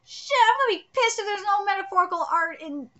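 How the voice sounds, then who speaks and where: A woman in her thirties reacting live to a manga chapter and reading it aloud, excitable and ranting, swearing freely when annoyed. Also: extremely high pitch, quick pace, muffled recording.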